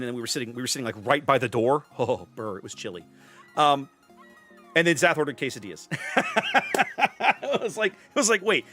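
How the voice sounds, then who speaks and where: A man hosting a casual gaming stream, chatting to his viewers and answering their comments as he plays. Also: medium pitch. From US Gulf Coast. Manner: chatty, animated, reads chat names aloud. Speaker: streamer host.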